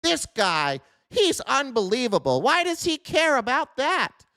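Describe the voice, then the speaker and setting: A man's voice: extremely high pitch, huge pitch swings, measured pace, pushed and bright, no echo, studio quality, pitched above the performer's own voice, heavily acted. A man voicing a dismissive critic who sneers at him, in a sarcastic, mocking tone.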